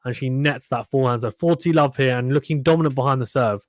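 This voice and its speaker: A man doing casual play-by-play of a tennis match on a live stream, chatting between points and reading viewer comments aloud. His voice sits at an ordinary middle pitch and is recorded close and dry, with no room sound. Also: fast talker, no echo.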